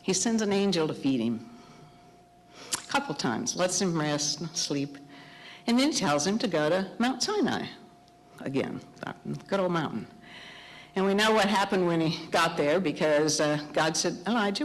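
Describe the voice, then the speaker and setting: A middle-aged woman preaching a sermon, telling a story with animated, acted-out dialogue. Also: fairly low pitch, measured pace. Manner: animated storytelling, acting out dialogue in raised voices. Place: church sanctuary. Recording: long hall reverb.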